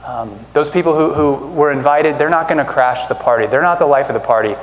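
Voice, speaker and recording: A man's voice: mid-range voice, fast talker, dull audio. A man preaching a sermon from a stage in a conversational way, asking rhetorical questions and acting out quotes. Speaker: pastor. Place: church stage. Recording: echoey hall reverb.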